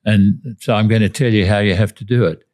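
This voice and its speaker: A man impersonating a gruff, blunt prime minister with a broad Australian accent. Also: lowish voice, steady tone, a little fast, darkish tone, lightly acted. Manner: blunt, commanding.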